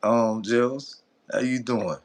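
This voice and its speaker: A man's voice: mid-range voice, steady tone, takes it slowly. A man with a New York accent joining a livestream as a guest, teasing and joking in slangy banter. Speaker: stream guest. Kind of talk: casual livestream chat.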